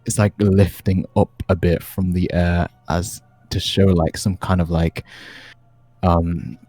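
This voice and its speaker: A man's voice: low-pitched, warm tone, husky, no room sound, poor audio. A man narrating a tabletop game as game master, hesitant with many fillers.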